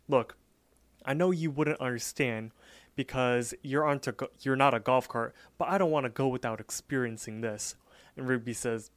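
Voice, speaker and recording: A man's voice: medium pitch, moderate pace, dry recording. A man co-hosting a podcast who chats and recaps an episode in a laid-back way, laughing easily and trailing off mid-thought. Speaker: podcast co-host. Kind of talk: casual chat and episode recap.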